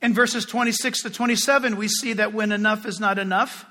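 A man's voice: high voice, steady tone, fairly quick, few pauses, sharp tone. A male pastor preaching a sermon, telling stories animatedly and addressing the congregation, with long hall reverb.

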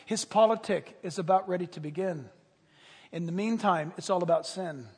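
A man preaching a sermon as pastor, dramatic and animated, swinging between loud bursts and hushed, intimate tones. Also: high voice, moderate pace, slightly rough. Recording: long reverb of a large hall.

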